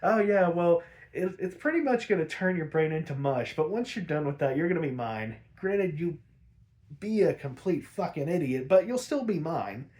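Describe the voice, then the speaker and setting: A man's voice: on the high side, expressive, normal speed, darkish tone, close to an everyday voice. A man voicing a scheming female cat burglar villain, mocking and sing-song as he retells a cartoon plot. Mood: taunting.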